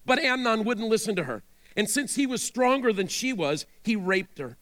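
A male pastor preaches in a high voice that swings up and down with strong animation. He tells the scripture story dramatically and breaks off now and then to speak straight to his listeners. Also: very animated, moderate pace, a bit bright. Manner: dramatic storytelling, asides to the audience. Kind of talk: sermon.

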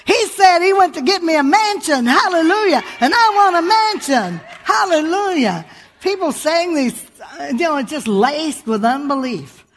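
High-voiced woman pastor preaching emphatically. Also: very animated, a little slow, a bit bright, in a large hall. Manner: exclaims hallelujah often, emphatic and humorous. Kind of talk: sermon.

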